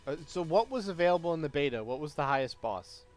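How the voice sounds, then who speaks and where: A man's voice: fairly high pitch, sing-song, quick pace, soft background music. A man chatting casually to his viewers on a live stream, rambling and self-deprecating with a jokey manner.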